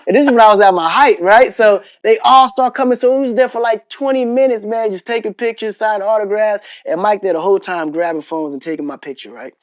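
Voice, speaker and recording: Laid-back man telling animated stories. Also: high voice, fast talker, hardly any pauses, no room sound. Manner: animated, laughing anecdotes with slang. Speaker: interview guest. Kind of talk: casual storytelling conversation.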